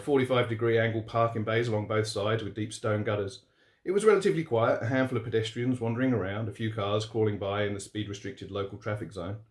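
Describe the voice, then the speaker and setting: Man reading horror in echoey room. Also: mid-range voice. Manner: relaxed, steady, few fillers. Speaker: author reading his story. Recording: roomy echo.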